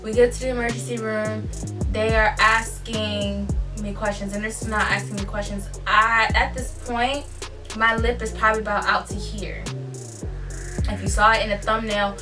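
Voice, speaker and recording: A young woman vlogger telling a personal story in a candid, profane, animated way. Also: medium pitch, moderate pace, recorded from a distance. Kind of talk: casual storytime. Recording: voice off-mic with faint music.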